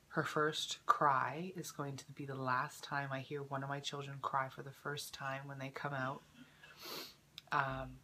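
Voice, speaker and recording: A young woman in her twenties vlogging casually, chatty and full of fillers, emotional at times, clearing her throat from a lingering cough. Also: low-pitched, bright, forceful tone. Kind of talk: casual personal vlog.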